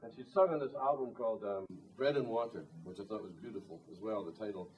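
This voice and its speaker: A man's voice: fairly low pitch, fast talker, a little mellow. A male singer-songwriter telling a rambling, wry story between songs at a live gig, with plenty of "you know". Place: live music venue. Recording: distant live gig recording.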